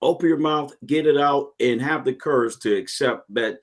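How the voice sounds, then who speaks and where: A middle-aged man in a relaxed interview, telling his story with earnest energy. He often doubles back on his words before pushing on. His voice sits in an ordinary middle register. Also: medium pitch, moderate pace. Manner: earnest, animated storytelling with repeated restarts. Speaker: guest, retired Marine and podcast host. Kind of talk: casual interview chat.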